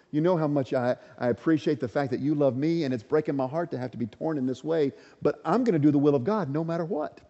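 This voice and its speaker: Preacher voicing a resolute, heartbroken Paul. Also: male voice, fairly high pitch, mellow, in a large hall, highs cut off.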